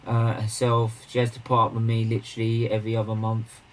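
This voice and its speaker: A man hosting a casual charity livestream, rambling and repeating himself, with bursts of excited emphasis. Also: fairly low pitch, fairly quick, slight background noise, rough recording.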